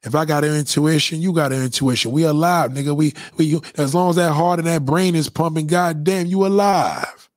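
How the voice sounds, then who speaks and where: A man streaming a casual, profane monologue, preachy and animated as he lectures his viewers. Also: fairly high pitch, a little fast, dry recording, clean studio sound. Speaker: live streamer.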